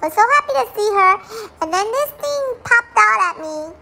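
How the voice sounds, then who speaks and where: Squeaky sassy little dog girl a woman puts on, super high, drama queen, flips into spanish, a bit of background hiss. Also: lively intonation, fairly quick, pushed and bright, full character voice. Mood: indignant. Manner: chatty, dramatic, switches between English and Spanish.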